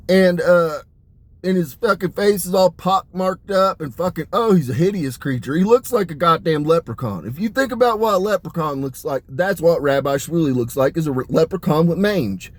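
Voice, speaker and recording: Guy with a pretty high voice going off on a crude rambling rant, cussing and cackling. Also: lively intonation, normal speed, no room sound. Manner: crude, swearing, laughing often. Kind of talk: rambling profane monologue.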